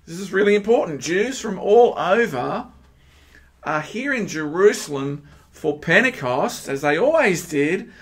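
An Australian man preaching a sermon, animated and emphatic, firing rhetorical questions at his listeners. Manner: animated, with sudden jumps in pitch and loudness. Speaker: pastor.

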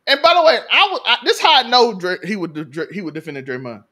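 A man's voice: high voice, wildly swooping pitch, fast talker, pushed and bright. A man in his thirties hosting a podcast, chatting casually and animatedly, laughing often and acting out quotes. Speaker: podcast host. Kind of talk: casual chat.

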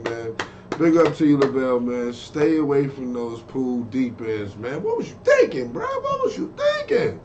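A man's voice: medium pitch, darkish tone, muffled recording, a little hiss or hum. A man hosting a reaction channel, talking casually to his viewers in a laid-back way. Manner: laid-back, talks straight to viewers, keeps saying "man".

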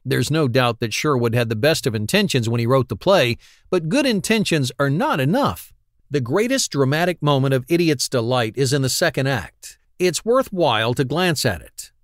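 A man's voice: mid-range voice, animated, normal speed, dry recording, clean studio sound. A man narrating an audiobook in a wry, analytical reading. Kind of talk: scripted narration.

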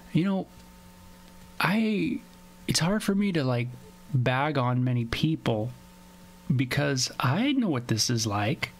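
A man's voice: mid-range voice, slight background noise. Chatty man teaching the Bible. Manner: conversational, acts out little skits with voices.

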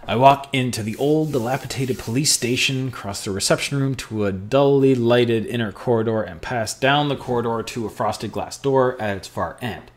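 A man's voice: medium pitch, moderate pace, hardly any pauses. A male podcast host playing an adventure game, making offhand, wry comments and reading the game narration aloud. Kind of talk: casual let's-play commentary and reading game text aloud.

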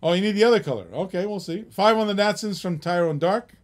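A man's voice: high voice, fast talker. A middle-aged man hosting a live-stream auction in casual, rambling chatter, often chuckling and reading out bids.

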